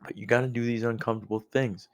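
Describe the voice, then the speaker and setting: A young man giving a casual motivational monologue, blunt and profane, animated as he talks. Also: medium pitch, quick pace. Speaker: vlogger.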